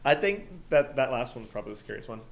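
A man's voice: mid-range voice, big pitch swings, fast, creaky. A man co-hosting a casual podcast, reading a scary story aloud and joking with his friend. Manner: joking, laughs often. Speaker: co-host reading creepypasta.

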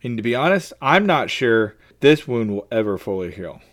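A man's voice: mid-range voice, sing-song, normal speed, a bit bright. A man hosting a faith-based podcast, talking in an earnest, personal and openly emotional way. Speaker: podcast host.

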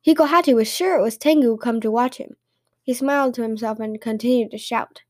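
A woman with a notably high voice reads fairy tales aloud as a podcast host. Her storytelling is lively and expressive. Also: brisk.

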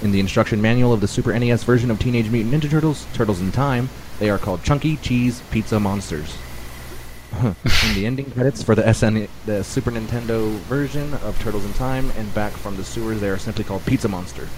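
A man's voice: lowish voice, fast talker, noisy background. Swearing, rambling male podcast host. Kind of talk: casual podcast chat.

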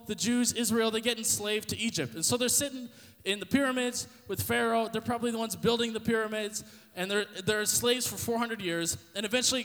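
A man with a high voice tells a Bible story casually, full of slang and stumbling restarts. His podcast voice rings with a long reverb. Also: a bit bright. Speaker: podcast host.

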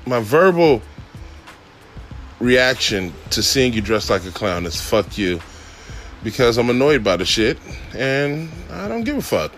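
A man's voice: measured pace, pauses often, soft background music. Laid-back, profane man telling a story. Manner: profane, laid-back, laughs often, pitch jumps when excited. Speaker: podcast host telling a driving story. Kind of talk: casual storytelling monologue.

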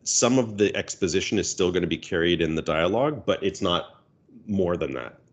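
A man who is a guest author, giving thoughtful, measured analysis in a casual chat. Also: deep voice, animated, breathy edge.

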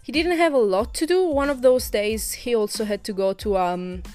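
A woman's voice: fairly high pitch, moderate pace, a little mellow, faint music behind. A young woman from Italy hosting her own podcast, chatting casually in a rambling way with many restarts and little laughs. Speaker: podcast host. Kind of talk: casual solo podcast chat.

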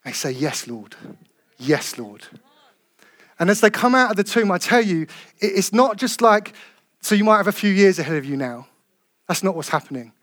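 A man preaching a sermon in church, passionate, rising to loud calls and falling to soft, tender lines. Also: high-pitched, fairly quick, no echo.

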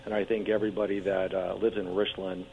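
A man running for local office, talking eagerly in a radio interview, hoarse and losing his voice, with frequent restarts and fillers. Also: deep voice, flat delivery, quick pace. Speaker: political candidate guest. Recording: tinny phone line with faint hum.

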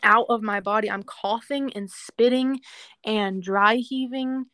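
A woman's voice: on the high side, a little slow, dry recording, clean studio sound. Earnest woman telling a personal story. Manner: earnest and animated, with casual fillers. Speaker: guest sharing a testimony.

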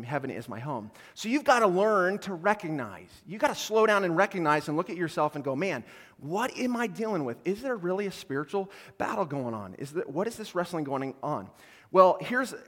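A man preaching a sermon as a pastor, animated, acting out quoted voices and swinging between quiet and loud passages. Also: on the high side, big-room sound. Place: church auditorium.

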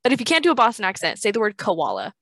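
Woman, casual podcast chat, playful, teasing, mid pitch, dry close sound. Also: wildly swooping pitch, rapid-fire, creaky, a bit bright, dry recording. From lived in France. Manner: playful, teasing, demonstrates French pronunciation. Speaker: podcast guest.

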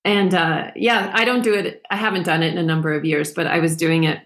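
A woman with a slightly low voice speaks as a guest in a casual interview. She is relaxed and chatty, with easy laughs running through her answers. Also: brisk. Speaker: podcast guest, ski mountaineer.

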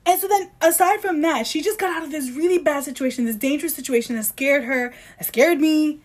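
A woman co-hosting a casual podcast chat, ranting in a heated, emphatic way and reading quotes aloud in mock voices. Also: high-pitched. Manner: heated, emphatic, rapid ranting with apologies for shouting. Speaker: podcast co-host.

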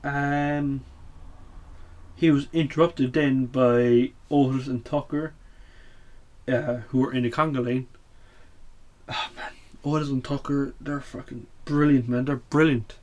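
A man's voice: mid-range voice, fairly even intonation, slow, long pauses, darkish tone. A man hosting a casual show recap, blunt and opinionated, swearing often and full of fillers. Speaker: wrestling podcast host.

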